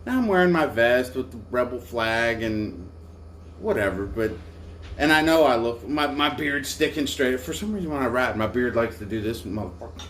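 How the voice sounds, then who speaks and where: A tired man tells a road-trip story in loose, casual chat, swearing freely and laughing at himself. His voice sits at an ordinary middle pitch. A faint hiss runs underneath. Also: expressive, normal speed, a bit bright. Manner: crude, profane, self-mocking storyteller. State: tired from little sleep. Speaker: motorcycle travel vlogger.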